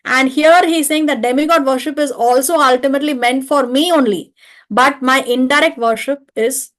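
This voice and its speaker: Casting: woman, slightly high voice, calm methodical class teacher. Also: normal speed. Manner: patient, explains step by step with rhetorical checks. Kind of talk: online study-class lecture. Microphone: video call or home mic.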